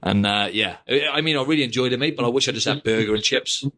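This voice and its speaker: A man's voice: medium pitch, fast talker, pushed and bright. A young man hosting a podcast, rambling casually and saying "mate" and "like" a lot. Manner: rambling, peppers speech with "mate" and "like". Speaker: podcast host. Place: living in Australia.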